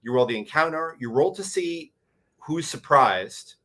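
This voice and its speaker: A man's voice: a little high, lively intonation, a little slow, sharp tone. A man on a convention panel, animatedly telling a tabletop game story with many restarts. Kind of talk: casual panel chat.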